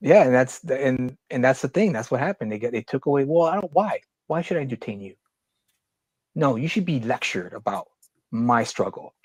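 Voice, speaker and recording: A man's voice: medium pitch, expressive, a little fast, a little mellow, husky, no room sound. A man co-hosting a casual podcast, talking in long rambling opinionated runs with many restarts. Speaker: podcast co-host. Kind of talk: casual chat.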